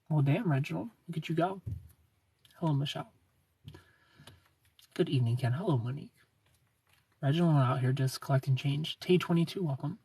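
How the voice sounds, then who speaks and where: A man hosting a casual livestream, greeting viewers by name and answering their comments in a relaxed, chatty way. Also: a little high, normal speed, creaky, breathy edge, no echo, far from the mic. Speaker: livestream host.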